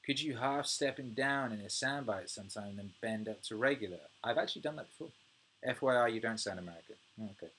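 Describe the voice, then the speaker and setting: British male streamer in his thirties, casual, profane, animated ranting. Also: mid-range voice, fairly quick, slightly rough. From United Kingdom. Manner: swears freely, animated rants, laughs often. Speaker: music producer and livestream host. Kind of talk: casual livestream chat reading viewer comments.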